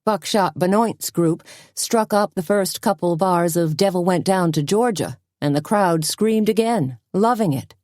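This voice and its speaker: A woman narrating a cozy mystery audiobook in an expressive storytelling manner. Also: on the low side, unhurried, hardly any pauses, dry recording, clean studio sound. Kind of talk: scripted narration.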